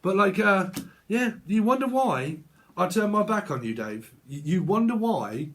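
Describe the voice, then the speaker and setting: A man's voice: high-pitched, big pitch swings, measured pace, a little hiss or hum. A man giving a casual tarot reading to camera at home, swearing often, laughing, and acting out both sides of imagined arguments. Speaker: tarot reader.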